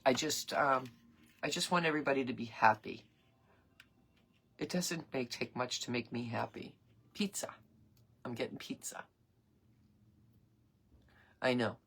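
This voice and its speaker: A woman's voice: deep voice, fairly bright tone, breathy edge. A woman in her sixties hosting her craft page live, chatting in a rambling, earnest and emotional way. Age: 60s. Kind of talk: casual live-stream chat.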